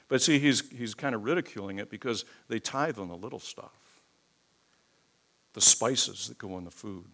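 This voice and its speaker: A man preaching a sermon, thundering scripture and then softening into personal asides. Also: moderate pace. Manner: booming scripture reading, softening into emotional asides. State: choked up.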